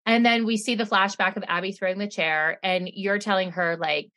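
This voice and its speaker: A woman's voice: mid-range voice, normal speed. A woman co-hosting a casual podcast, retelling a TV episode in a chatty, sarcastic way and quoting people as she goes. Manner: chatty, sarcastic, animated retelling with quoted voices. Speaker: podcast co-host recapping a TV episode. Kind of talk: casual chat.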